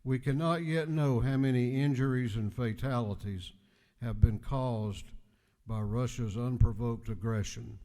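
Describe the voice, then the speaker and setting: A man, speaker of a state legislature, delivering a formal floor speech with measured, emphatic delivery. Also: mid-range voice, steady tone, warm tone. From United States. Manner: measured, emphatic oratory with deliberate pauses. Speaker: legislative speaker presenting a resolution. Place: state house chamber. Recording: reverberant legislative chamber.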